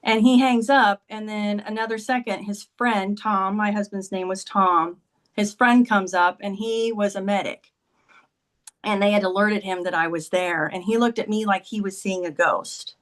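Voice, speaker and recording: A woman's voice: mid-range voice, steady tone, moderate pace. A woman talking as a podcast guest, telling a personal story in a conversational way and often saying "like" and "he goes".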